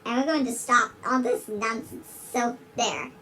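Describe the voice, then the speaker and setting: A performer gives voice to a giggly, big-lipped alligator delivering a dramatic rhyming storybook reading, reading in rhyme and repeatedly breaking into giggles. The medium-pitched voice is bright and forceful, a little slow, with fairly even intonation. The low-quality recording carries slight background noise.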